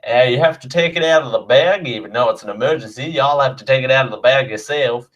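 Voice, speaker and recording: A man's voice: mid-range voice, fairly bright tone, far from the mic, natural voice. A man doing a drawling Southern air hostess. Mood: chirpy. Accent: put-on Southern US drawl. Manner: sing-song, drawn-out safety spiel.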